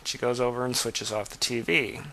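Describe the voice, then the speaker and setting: A man's voice: medium pitch, fairly even intonation, normal speed, sharp tone. A man in his forties giving a wry, self-deprecating director's commentary on his own childhood film. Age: 40s.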